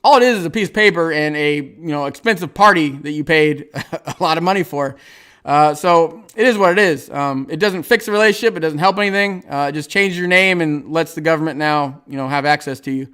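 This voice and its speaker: A man chatting on a casual livestream, reading out viewer comments and rambling through his thoughts with plenty of ums, restarts and small chuckles. His voice sits high and sounds bright and crisp. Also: fairly quick. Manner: rambling, hesitant, many fillers and restarts; chuckles often while talking.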